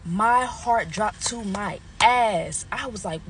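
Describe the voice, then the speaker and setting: A woman's voice: medium pitch, slow, a bit bright, slight background noise. Blunt, heated woman telling a storytime. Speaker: mother telling her own story. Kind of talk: casual storytime.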